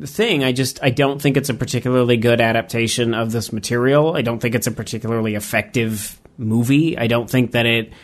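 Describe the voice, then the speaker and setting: A man in casual conversation, reviewing a film with blunt, opinionated energy. His pitch sits in an ordinary middle range. When he retells scenes, he slips into lively acted-out quotes. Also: a little fast, hardly any pauses. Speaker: podcast co-host.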